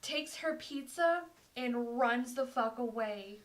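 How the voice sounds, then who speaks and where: A young woman with a slightly high voice, chatting casually on a podcast. She tells her stories with animation and swears freely, slipping into the voices of the people she quotes. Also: expressive, slow. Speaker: podcast co-host. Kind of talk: casual storytelling chat.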